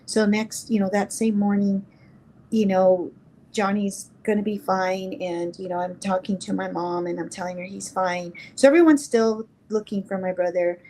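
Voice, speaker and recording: A middle-aged woman from New Mexico, a guest in an interview, telling a personal story in a halting, emotional way and acting out the dialogue. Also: mid-range voice, steady tone, mellow, low-quality recording.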